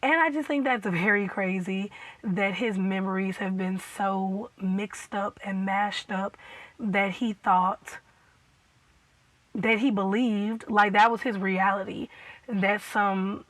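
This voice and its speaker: A young woman reviewing a TV episode in a casual vlog, chatty and animated, laughing often and filling with "like". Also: mid-range voice, slow, poor audio.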